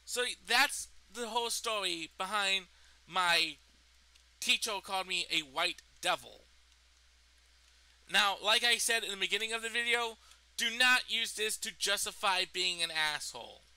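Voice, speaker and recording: A man's voice: sits high, unhurried, pushed and bright, clean tone, rough recording. A young man in a vlog, indignantly retelling a personal story and swearing freely. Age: young adult. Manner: indignant, profane retelling of events. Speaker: vlogger.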